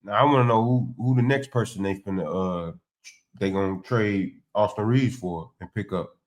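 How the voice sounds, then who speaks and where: A man's voice: on the low side, moderate pace. A man, casually reacting to a clip and agreeing. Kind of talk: casual chat.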